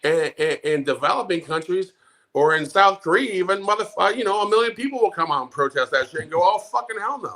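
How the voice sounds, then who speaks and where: Bright-voiced middle-aged man ranting. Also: a little high, lively intonation, quick pace. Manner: angry, profane ranting. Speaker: podcast co-host. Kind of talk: profane casual chat.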